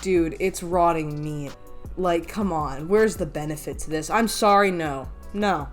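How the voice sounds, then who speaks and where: A woman's voice: deep voice, measured pace, faint music behind. A woman hosting a reaction commentary video, talking in a blunt, exasperated, slangy way.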